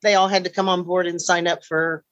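A woman's voice: on the low side, fairly quick, no echo. A woman telling stories in casual chat, acting out what people said to her. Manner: animated, acts out quoted dialogue. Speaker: guest. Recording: slightly dull lo-fi sound.

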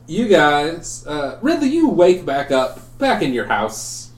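A young man narrating as game master, in a halting way with many pauses and fillers. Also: fairly high pitch, wildly swooping pitch, roomy sound. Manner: halting, full of ums and likes.

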